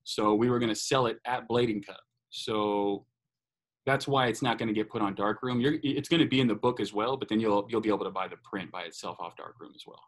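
A man talking as a guest on a casual podcast, relaxed and a little hesitant. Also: on the low side, fairly quick. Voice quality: relaxed, hesitant with fillers, says man a lot. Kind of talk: casual interview chat.

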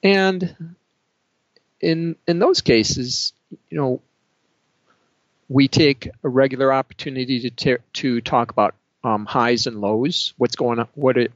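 A middle-aged man speaks in a measured, dry, understated way as an interview guest. His voice sits at an everyday pitch. The audio is slightly dull and lo-fi, with a close, dry sound. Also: dry recording. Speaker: professor and research supervisor. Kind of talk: casual interview answers.

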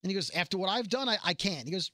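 A man with a high, bright voice talks through a story in a loose, rambling way, slipping into the characters' lines as he goes. The sound is close and dry, with no room around it. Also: animated, very fast, no echo. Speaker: podcast co-host recapping a TV episode. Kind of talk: casual chat.

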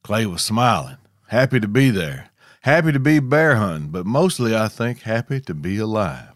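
A man's voice: fairly low pitch, sing-song, normal speed, dry recording. A man from Arkansas, telling a scripted outdoor story with dry, wry humor. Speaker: podcast host.

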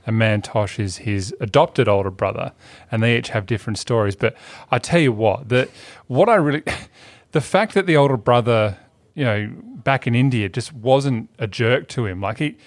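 A man's voice: medium pitch, normal speed, no echo. A man co-hosting a film review chat, explaining his views with assurance. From Australia. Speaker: film review podcast co-host. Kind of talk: casual chat.

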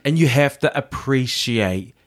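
A man's voice: mid-range voice, expressive, a little slow. Chatty man co-hosting a recap. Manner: rambling, restarts, laughing. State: unwell. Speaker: podcast co-host. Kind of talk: casual recap chat.

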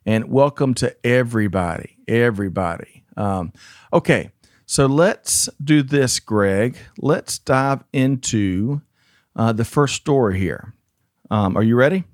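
A man's voice: mid-range voice, lively intonation, slow pace, no room sound, clean studio sound. Upbeat man co-hosting a news chat. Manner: upbeat, reads story points aloud, stumbles on names. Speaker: podcast co-host. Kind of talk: casual news discussion.

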